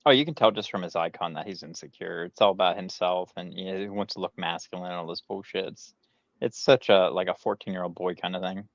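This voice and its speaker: A man's voice: deep voice, fast, no echo. A man co-hosting a live stream, talking crudely and lecturing on his points. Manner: lecturing, profane. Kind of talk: casual crude chat. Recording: dull, dry lo-fi mic.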